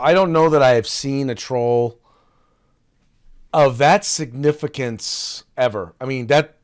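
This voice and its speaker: A man's voice: medium pitch, clean tone. Teasing male podcast host. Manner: chatty, teasing, full of restarts and asides. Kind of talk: casual political commentary.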